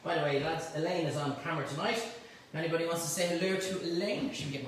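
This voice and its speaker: A middle-aged Irish man hosts a cooking show, keeping up a stream of chatty, teasing banter as he cooks. His voice sits a touch high for a man. It rings around a very echoey kitchen, picked up from some distance off the mic over faint background noise. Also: quick pace. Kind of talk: live cooking demonstration. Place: home kitchen.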